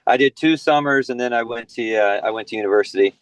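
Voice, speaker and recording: With a mid-range, clear and resonant voice, an American man in his forties from San Diego speaks quickly as a guest on a casual podcast. He rambles freely, restarting sentences and saying "you know" often, and there's no echo.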